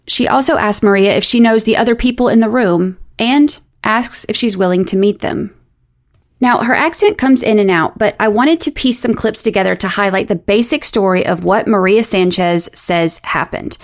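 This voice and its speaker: Woman narrating true crime, steady. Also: medium pitch, moderate pace. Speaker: podcast host.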